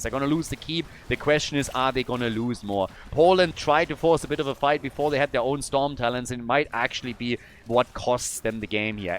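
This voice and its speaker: Male esports caster, mid-pitched, quick excitable play-by-play. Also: slight background noise. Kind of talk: live game commentary.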